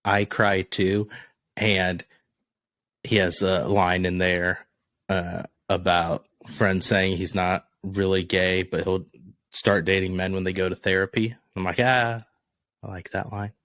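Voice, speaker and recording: In clean studio sound with no room echo, a man speaks slowly in a low, monotone, fairly bright voice. He's co-hosting a podcast in casual chat, blunt and profane, and laughs often.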